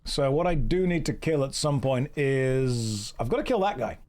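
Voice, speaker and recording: A medium-pitched, darkish male voice speaks at a moderate pace in an animated way. He's an Englishman in his thirties live-streaming a game, joking with viewers, riffing, and slipping into mock accents.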